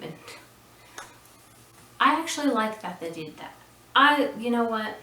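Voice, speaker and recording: A woman's voice: on the high side, expressive, measured pace, long pauses, sharp tone. A woman hosting a casual movie recap, chatty and rambling, with opinionated asides. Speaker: podcast host recapping a film. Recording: roomy and distant with faint noise.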